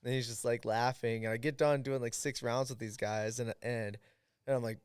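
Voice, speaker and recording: American man, mid-pitched, smooth tone, dry close sound; animated podcast storyteller. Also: moderate pace, no echo. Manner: animated, quotes people in lively voices, many fillers. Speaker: podcast guest, fighter. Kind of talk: casual storytelling.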